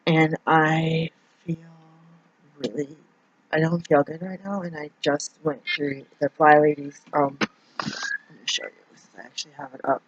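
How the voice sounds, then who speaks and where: A woman's voice: sits low, fairly even intonation, unhurried, slight background noise. A woman talking through a personal confessional monologue as a vlogger. She rambles and hesitates, restarting her sentences often. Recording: dull, dry lo-fi recording.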